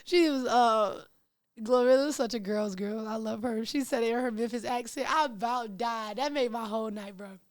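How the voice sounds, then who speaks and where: Young woman host, high-pitched, slangy and excitable, dry close sound. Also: normal speed, no echo. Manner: excitable, slangy, animated storytelling. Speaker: podcast host. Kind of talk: casual storytelling to camera.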